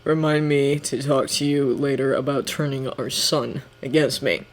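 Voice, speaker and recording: A weary, grumpy man mutters in a low, quiet voice that is stuffy from tears, as a woman puts him on. His delivery is flat and mumbled, held low and close. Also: unhurried. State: teary and stuffy. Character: tired, tearful adult man, flat and grumpy.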